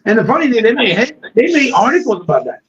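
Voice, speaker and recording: A man's voice: very high voice, sing-song, quick pace, fairly bright tone, muffled recording, slight background noise. A man co-hosting a podcast, ranting heatedly with a lot of profanity in casual talk. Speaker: podcast co-host.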